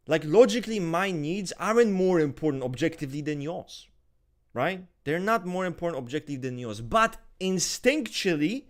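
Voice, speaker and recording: A married man co-hosting a podcast, talking in a reflective, halting way with frequent restarts. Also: a little high. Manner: reflective, halting, many restarts and "you know". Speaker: podcast co-host. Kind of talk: casual chat.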